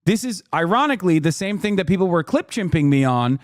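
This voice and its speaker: Male streamer, very high voice, dry close sound, venting in a swearing, exasperated rant. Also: sing-song, brisk, dry recording. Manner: exasperated, profane ranting. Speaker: political streamer. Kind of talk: live reaction commentary.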